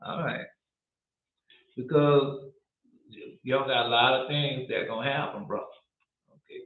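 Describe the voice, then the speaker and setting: A man's voice: mid-range voice, fairly even intonation, a little slow. A man preaching an informal sermon in a loose, conversational way, repeating himself and calling his listeners y'all and bro. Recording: roomy, phone-like sound.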